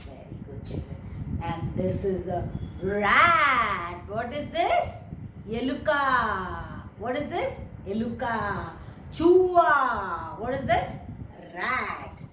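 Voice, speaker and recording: A woman teaching young children about animals, talking in a slow, emphatic, sing-song way. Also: mid-range voice, big pitch swings, roomy sound, distant mic, background noise.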